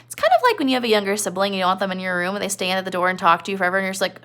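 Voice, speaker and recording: A woman's voice: medium pitch, lively intonation, racing, bright, forceful tone. A woman teacher giving a conversational classroom lecture, retelling a novel with asides and checks on her listeners.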